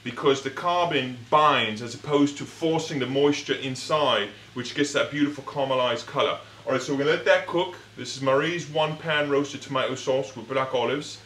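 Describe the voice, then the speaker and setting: A man hosts a home cooking demonstration in a hammy, put-on comic accent. He walks through each step chattily and keeps his pitch in a middle range. The kitchen sounds roomy and noisy, with pans sizzling and clattering behind him. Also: moderate pace, hardly any pauses, a bit bright. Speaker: cooking show host. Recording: echoey kitchen with background noise.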